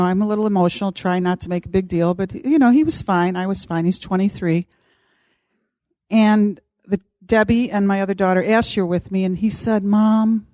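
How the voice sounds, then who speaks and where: A middle-aged woman casually telling a personal story, animated and acting out what others said. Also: medium pitch, no echo. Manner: animated, acts out quoted voices. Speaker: podcast co-host.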